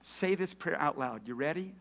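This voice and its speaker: Male pastor, sermon, slightly high voice, storytelling, loud then whispered. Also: expressive, normal speed, vocal fry, a little hiss or hum.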